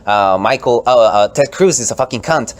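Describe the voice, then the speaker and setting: A man's voice: mid-range voice, animated, moderate pace, close to an everyday voice. A man putting on a crude, frantic male politician begging for votes and money.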